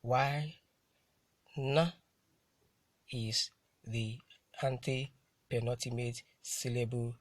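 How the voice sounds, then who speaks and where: A man teaching an English lesson on syllables and word stress, who speaks deliberately and often says "now" to move on. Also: medium pitch, breathy edge.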